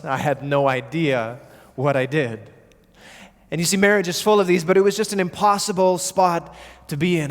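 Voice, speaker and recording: A man preaches a sermon, his voice a little higher than most men's. He tells the story vividly and acts out the quoted voices. The sound carries a long reverb from the church hall. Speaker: pastor.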